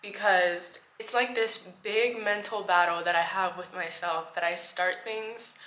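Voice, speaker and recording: A woman in her twenties talking candidly in a casual vlog diary, swinging between soft murmurs and excited bursts. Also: fairly low pitch, unhurried. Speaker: vlogger. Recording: echoey room.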